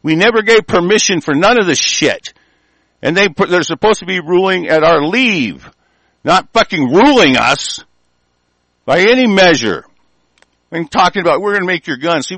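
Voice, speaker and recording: A man from the United States delivering an angry, profane political rant, swinging from loud outbursts to low muttering. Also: no room sound, rough recording.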